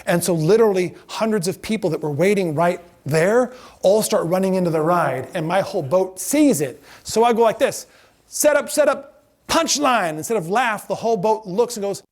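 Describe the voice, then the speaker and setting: A man with a notably high voice lectures to a class, spinning comic anecdotes. He laughs at his own punchlines and wanders into asides, stopping to correct himself mid-sentence. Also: brisk, few pauses, darkish tone. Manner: joking storyteller, laughs at his own stories; self-correcting, rambling asides. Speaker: lecturer and former ride skipper.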